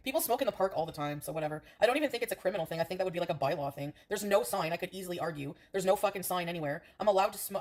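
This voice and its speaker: Fast-talking woman ranting profanely. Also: fairly low pitch. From Canada. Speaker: streamer. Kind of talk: ranting livestream.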